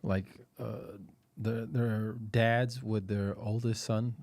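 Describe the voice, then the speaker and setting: A man's voice: on the low side, little pitch movement, takes it slowly, vocal fry, a little mellow, dry recording. A man co-hosting a podcast in casual chat, dropping dry, short remarks. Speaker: podcast co-host.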